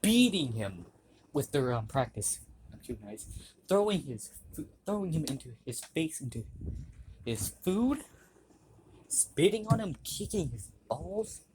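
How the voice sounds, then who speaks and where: Halting young man retelling a story. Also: on the high side, very animated, darkish tone. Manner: halting, restarts, clears throat often. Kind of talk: casual fan-story retelling. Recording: noisy home recording.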